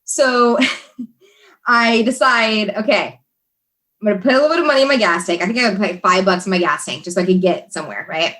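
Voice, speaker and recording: A woman's voice: mid-range voice, brisk, fairly bright tone. A young American woman, a podcast guest, telling a story in casual chat, laughing often and talking with many fillers and restarts. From USA.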